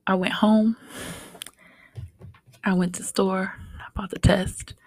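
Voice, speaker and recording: Give me a young woman sharing a personal story as a podcast guest, soft-spoken and heartfelt, with many fillers. She speaks slowly, at a middle pitch. The sound is dry and close, with no room echo. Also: flat delivery.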